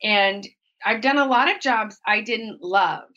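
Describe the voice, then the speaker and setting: A woman's voice: mid-range voice, a little slow, pushed and bright, dull audio. A woman talking candidly as an interview guest. She is open and reflective, and she acts out her own inner thoughts in livelier voices.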